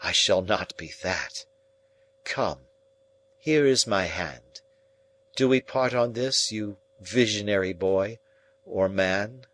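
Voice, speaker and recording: A man's voice: fairly low pitch, fairly bright tone, rough recording. Estella, a cold proud young woman, read by a man. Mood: dismissive. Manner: cool, contemptuous, measured.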